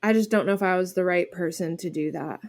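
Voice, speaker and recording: A woman's voice: on the low side, fast talker. A woman comedian and actor chatting casually as an interview guest, talking loosely with many fillers and restarts.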